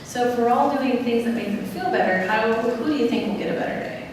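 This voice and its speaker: A woman giving a lively public talk on dementia care, asking the audience questions and then answering them herself. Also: a little high, brisk, a little hiss or hum. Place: large hall. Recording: echoey hall from far off with faint ambience.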